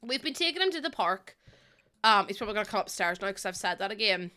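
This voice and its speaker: Bright, chatty woman streamer. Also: medium pitch, big pitch swings, fast. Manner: chatty, rambling storyteller with frequent fillers and laughs. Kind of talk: casual live-stream chat while playing a game. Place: at home. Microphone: desk microphone.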